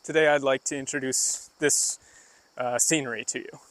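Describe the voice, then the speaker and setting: Out on a rural walk, this man live-streams casually, rambling to his chat with lots of fillers and side comments while explaining things. His mid-range voice has fairly even intonation, a fairly bright tone, and a normal pace.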